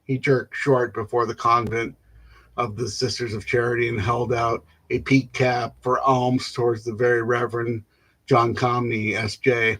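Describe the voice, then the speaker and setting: A man reading a classic novel aloud without rehearsal, stumbling and restarting words and filling pauses with "uh". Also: medium pitch, little pitch movement, a bit bright. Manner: halting, stumbles and restarts words, fills gaps with "uh". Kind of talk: unrehearsed reading aloud of literary prose.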